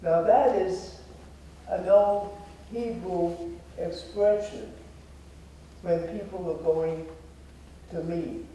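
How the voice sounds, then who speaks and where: A man's voice: a little high, warm tone, slight background noise. A man in his nineties gives an earnest, formal speech to an audience as guest speaker in a theater. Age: 90s. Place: theater auditorium. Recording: very echoey hall, voice heard from a distance.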